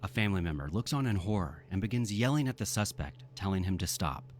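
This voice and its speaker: A man's voice: low voice, lively intonation, quick pace, a little hiss or hum. A man narrating a scripted true-crime story in a dramatic storytelling manner.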